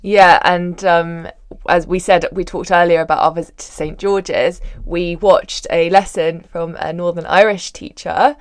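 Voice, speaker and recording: A woman's voice: on the low side, fairly even intonation, unhurried, no echo, studio quality. Woman host reading out listener questions. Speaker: podcast host. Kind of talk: podcast Q&A hosting.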